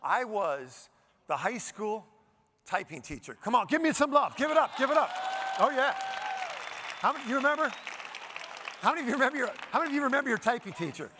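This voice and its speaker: A man from Denver giving a high-energy keynote, playfully ordering the audience around with quick commands. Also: sing-song, pushed and bright, slight background noise. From Denver, Colorado. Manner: upbeat, playful, bossing the crowd with quick commands. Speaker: keynote speaker. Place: conference hall stage.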